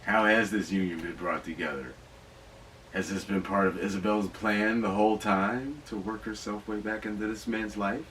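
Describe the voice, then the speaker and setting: An excitable man hosts a casual podcast, his low voice pushing hard as he rambles and swears through asides. He sits back from the mic, with a faint hiss underneath. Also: normal speed, distant mic, low-quality recording. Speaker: podcast host reviewing movies. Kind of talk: casual riffing commentary.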